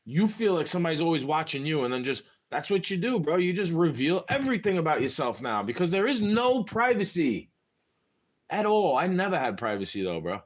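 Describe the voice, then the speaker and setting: A man's voice: a little high, big pitch swings, a little fast. A young man venting in a rambling, casual monologue to camera, frustrated and full of slang. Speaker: vlogger.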